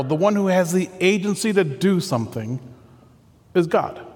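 A man preaching a sermon as pastor, earnest and conversational, thinking aloud as he goes. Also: on the high side. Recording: long hall reverb.

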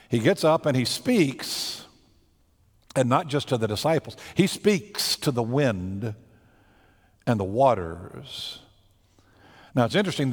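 A man's voice: medium pitch, in a large hall. A man preaching a sermon as pastor, talking in a conversational, storytelling way and acting out the quotes he tells.

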